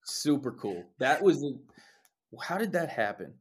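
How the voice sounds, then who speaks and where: A young man, a lead singer, chatting casually as an interview guest, an animated storyteller who swears often and acts out what people said. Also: mid-range voice, a little slow, husky. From New Jersey.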